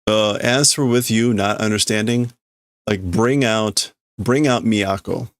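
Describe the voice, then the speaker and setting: A man's voice: lowish voice, fairly even intonation, unhurried, no room sound, clean studio sound. A man streaming live as he reads a manga aloud and translates it, thinking aloud and hesitating over the words. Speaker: streamer host.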